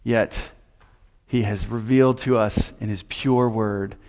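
A man preaching an expository sermon, measured and emphatic, with rhetorical questions and repeated phrases. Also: on the low side, fairly even intonation, a little mellow. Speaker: pastor. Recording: long hall reverb.

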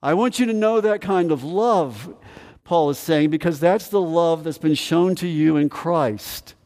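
Emphatic pastor preaching with hall reverb. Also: male voice, fairly high pitch, measured pace, a little mellow. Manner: emphatic, repeats phrases, asks the congregation questions. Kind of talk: sermon. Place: church sanctuary.

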